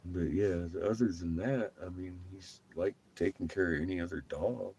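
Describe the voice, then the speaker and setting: A man's voice: sits low, fairly even intonation, moderate pace, darkish tone, slight background noise, low-quality recording. A laid-back man vlogging from the road, who chats casually, swears freely and often laughs. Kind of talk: casual chat.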